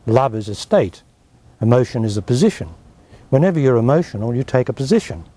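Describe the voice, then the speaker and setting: A man's voice: mid-range voice, very animated, a little fast, warm tone, dry recording. A man with an Australian accent, a spiritual teacher giving emphatic, blunt answers in an interview. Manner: emphatic, blunt, dismissive of objections.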